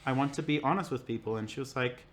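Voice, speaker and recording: A young man casually telling a personal story as a podcast guest, animated and acting out the people he quotes. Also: mid-range voice, fast. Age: young adult. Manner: animated, acts out quoted voices, many "like" fillers.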